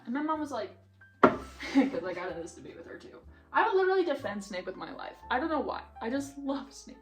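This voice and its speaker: A woman's voice: fairly high pitch, sing-song, brisk, a bit bright. A young woman vlogger chatting casually and with strong opinions, filling her talk with "like", while she reorganizes a bookshelf at home. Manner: chatty, heavy use of "like", opinionated rants. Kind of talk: casual chat. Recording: roomy echo, faint music behind.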